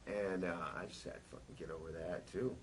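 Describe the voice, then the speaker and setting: A man, a punk musician, telling a rambling personal story in an interview, swearing and pausing on fillers. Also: low-pitched, slight background noise, rough recording. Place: record label office.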